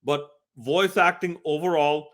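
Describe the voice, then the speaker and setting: A man's voice: on the high side, steady tone, a little slow, a bit bright. A man reviewing a video game, speaking earnestly and emphatically straight to his viewers. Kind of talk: scripted review talk.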